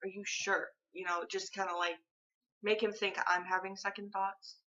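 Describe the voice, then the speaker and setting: A woman's voice: mid-range voice, flat delivery, normal speed, pushed and bright, lo-fi sound. A young woman vlogging in casual chat to the camera, candid and rambling, with lots of fillers and restarts.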